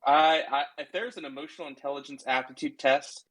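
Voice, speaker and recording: A man's voice: on the high side, fairly even intonation, a little fast, a bit bright, poor audio. A man co-hosting a podcast with a throat tickle and a slightly nasal sound, defensive and lecturing in a casual argument. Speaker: podcast co-host. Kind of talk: casual bickering chat. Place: remote call, own room.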